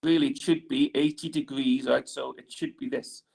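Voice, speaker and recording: A male teacher talks his class through a drawing exercise on the board, with a gravelly, creaky voice at a middling pitch. He keeps asking "right?" as he draws and explains. He sometimes turns away from the mic. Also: steady tone, normal speed, darkish tone. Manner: talks while drawing on the board, lots of "right?" tag questions. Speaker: engineering teacher. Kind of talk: classroom lesson.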